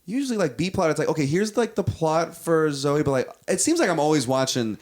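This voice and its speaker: A man's voice: on the high side, expressive, fairly quick, a little mellow. A man hosting a casual comedy podcast, talking loosely and acting out movie scenes in silly voices. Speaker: podcast host.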